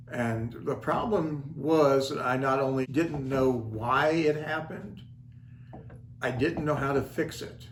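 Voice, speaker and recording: A man's voice: mid-range voice, slow pace, slight background noise. An older man hosts his own video channel in a casual, folksy way. He pokes fun at himself with dry wit. His voice sits in the middle range and bounces in an echoey room over faint background ambience. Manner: wry, self-deprecating, folksy. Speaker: channel host. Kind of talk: casual storytelling vlog. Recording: roomy echo, faint ambience.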